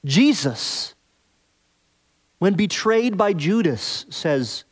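A pastor with a fairly high voice delivers an earnest expository sermon. He presses hard on some phrases, then drops soft and slow on others. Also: animated.

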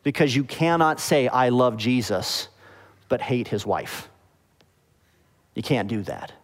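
A pastor preaching a sermon, explaining the meaning of words and often checking with the congregation whether it makes sense. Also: male voice, mid-range voice, animated, takes it slowly, in a large hall. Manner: explains word meanings, asks the congregation "okay?" and "does that make sense?".

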